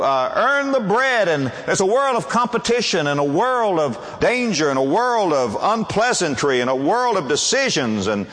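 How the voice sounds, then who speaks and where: An older man preaching a sermon, with wide swings in pitch and slow, drawn-out emphasis. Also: fairly bright tone, big-room sound.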